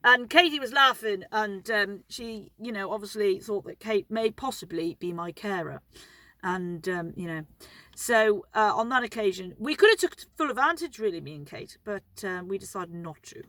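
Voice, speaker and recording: A woman's voice: fairly high pitch, moderate pace, bright, forceful tone, no room sound. A woman, rambling and swearing freely while telling funny stories about flying, laughing at herself. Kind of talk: casual anecdotal storytelling.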